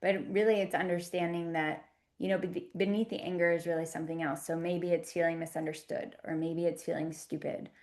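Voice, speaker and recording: A woman teaching in a gentle, conversational way, often checking in with asides. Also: fairly low pitch, flat delivery, brisk. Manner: gentle, conversational, many "you know" and "right?" asides. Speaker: communication teacher. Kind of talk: calm instructional talk to camera.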